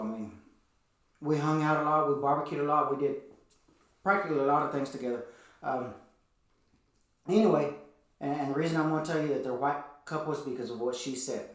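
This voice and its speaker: A man giving an earnest motivational teaching talk, asking repeated rhetorical questions. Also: a little high. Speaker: motivational speaker. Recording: very echoey room, voice from a distance.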